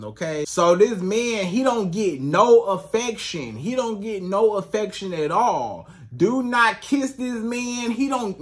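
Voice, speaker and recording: High-voiced man giving emphatic advice. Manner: emphatic, repetitive, talks straight to the viewer. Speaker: relationship coach. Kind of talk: direct-to-camera advice monologue.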